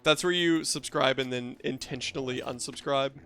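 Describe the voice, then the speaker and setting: A man's voice: medium pitch, moderate pace, sharp tone, clear, resonant tone, soft background music. A man casually chatting with his viewers while playing a game, joking and self-deprecating. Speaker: game streamer. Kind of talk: casual live-stream chat.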